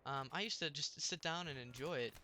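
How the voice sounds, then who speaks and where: Young man, gameplay commentary, rambling story, bright tense tone, light background noise. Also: fairly high pitch, a little fast. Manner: rambling storytelling with many restarts.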